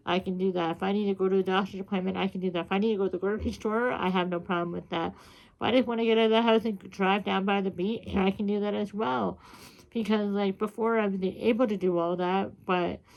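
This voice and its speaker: A woman's voice: mid-range voice, darkish tone, poor audio. A woman in her thirties chatting casually to her vlog audience, rambling and frustrated, swearing freely. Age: 30s. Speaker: vlogger. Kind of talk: casual diary-style chat.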